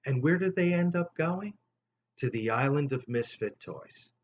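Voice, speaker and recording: An older man tells a rambling childhood story to the camera in an animated, casual way, jumping high for quoted lines. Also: a little slow. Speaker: storyteller host. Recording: slightly dull recording with faint room noise.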